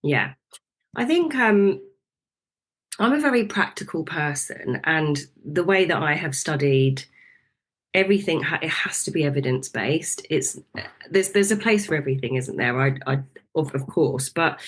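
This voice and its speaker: A middle-aged woman, a nutritional therapist, talks through her path as a podcast guest in a reflective, practical way, with many fillers and restarts. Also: low-pitched. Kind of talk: podcast interview.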